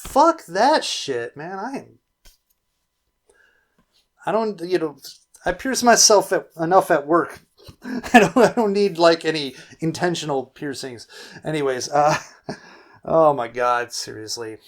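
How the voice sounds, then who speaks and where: A man with a slightly high voice reads his own poetry slowly. Between poems he rambles in casual, self-deprecating chat and laughs at himself. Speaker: poet reading his own work.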